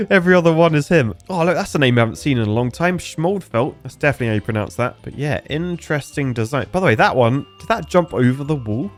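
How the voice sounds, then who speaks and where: A man's voice: on the high side, animated, quick pace, faint music behind. A man casually commenting while playing a bridge-building game, thinking aloud and chuckling often. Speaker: gaming YouTuber.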